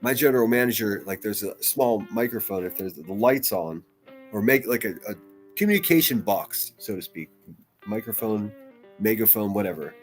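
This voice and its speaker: A man's voice: fairly low pitch, animated, normal speed, faint music behind. A man hosting a casual livestream, reading chat comments aloud and rambling in a loose, profane way. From United States. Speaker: livestream host.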